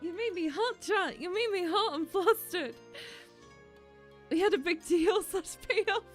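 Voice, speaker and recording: A woman's voice: extremely high pitch, a little slow, soft background music. A young woman VTuber chatting casually with her viewers, giggly and emotional. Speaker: VTuber streamer. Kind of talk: casual chat with stream viewers.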